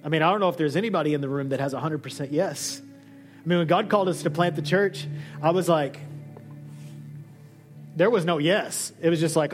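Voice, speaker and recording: A man preaching a sermon as a pastor, animated, acting out the dialogue he quotes. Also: moderate pace, pauses often, faint music behind. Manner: lively, acts out quoted dialogue with shifting pitch. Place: church hall.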